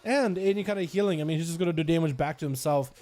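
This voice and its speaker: A man giving excitable, gung-ho play-by-play commentary on player duels in an online game. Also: a little high. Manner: excitable, gung-ho, quick reactions.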